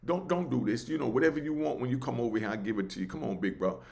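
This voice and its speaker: A man voicing a polite, soft-spoken Christian man who pleads gently and calmly. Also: mid-range voice, racing, creaky, close to an everyday voice. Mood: pleading softly.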